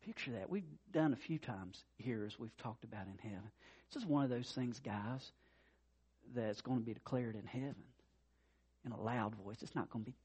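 A man preaching a sermon, swinging from quiet asides to loud declarations. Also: medium pitch, moderate pace, husky. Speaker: pastor.

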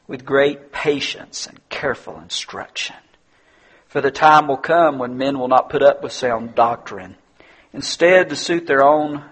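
A man's voice: medium pitch, a bit bright, breathy edge. A male pastor preaching a sermon, earnest and repeating words as he builds his points.

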